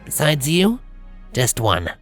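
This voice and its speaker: Man doing a tough female griffin, curt snappy delivery, raised pitch, lively swings, storybook reading. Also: unhurried, creaky, faint music behind, heavily acted. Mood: deadpan. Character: gruff tough young female griffin rebel.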